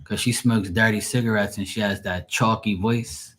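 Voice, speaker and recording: A man's voice: on the low side, fairly even intonation, moderate pace, hardly any pauses, fairly bright tone. Blunt, foul-mouthed man telling stories. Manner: blunt, profane storytelling. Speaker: tarot reader and medium. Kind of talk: casual livestream chat.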